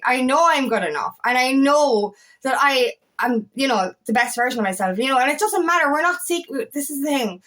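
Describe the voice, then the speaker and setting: Earnest, emotional woman coach, high voice. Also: fairly bright tone. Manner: raw, emotional, earnest, swears freely, repeats words. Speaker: feminine empowerment coach. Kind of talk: personal vlog talk.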